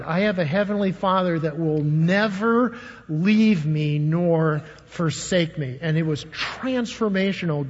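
Older male pastor, storytelling sermon, high husky voice, reverberant hall sound. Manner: storytelling, asks the congregation questions. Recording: dull, long echo of a large hall.

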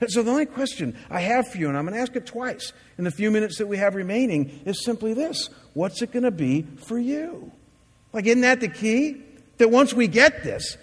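A man's voice: high voice, big-room sound. A man preaching a sermon as a pastor, earnest and emphatic, with many rhetorical questions.

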